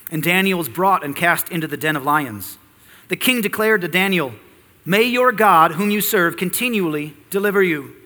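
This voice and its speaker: A pastor preaches an expository sermon in a large hall, reading scripture and teaching earnestly while posing rhetorical questions to the congregation. His voice is a little high, pushed and bright.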